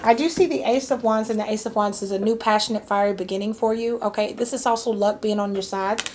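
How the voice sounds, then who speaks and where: A woman's voice: medium pitch, fairly even intonation, quick pace, slight background noise. A woman giving a casual tarot reading, chatty and reassuring, with many fillers and frequent okays. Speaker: tarot reader.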